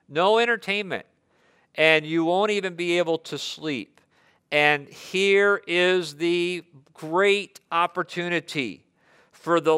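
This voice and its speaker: Bright, clear-voiced male preacher. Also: on the high side. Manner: reads scripture aloud, acts out quoted voices, repeats words. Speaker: pastor. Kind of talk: sermon.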